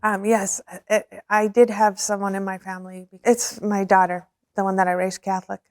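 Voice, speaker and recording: A woman's voice: mid-range voice, level tone, moderate pace, no echo, studio quality. A middle-aged woman as an interview guest, telling her personal story earnestly, repeating words and laughing often.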